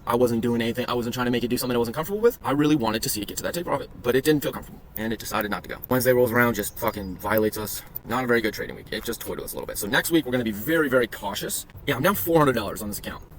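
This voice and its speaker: Fast-talking profane man reviewing trades. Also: medium pitch, slight background noise. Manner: crude joking, profane, rambling asides. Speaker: day trading vlogger. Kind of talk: casual screen-share commentary.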